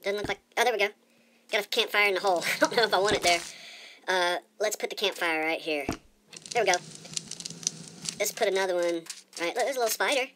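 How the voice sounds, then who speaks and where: A woman's voice: mid-range voice, fast talker, long pauses, a bit bright, slight background noise. A woman giving casual let's-play commentary as she plays, chatty and rambling, often repeating her words. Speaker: gamer.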